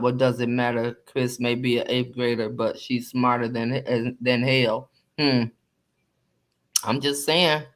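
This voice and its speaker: A woman's voice: extremely low pitch, a bit bright. A woman with a lilt holds court on a casual live stream. She gossips with sass, drawing out her words and tossing asides to her viewers. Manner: sassy, gossipy, drawling commentary. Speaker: host.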